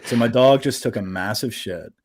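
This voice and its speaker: Young dude on a podcast spinning a story, lots of "like", cusses a bunch. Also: male voice, medium pitch, normal speed, no room sound. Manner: animated, swears freely, lots of "like" fillers. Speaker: podcast host. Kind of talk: casual storytelling.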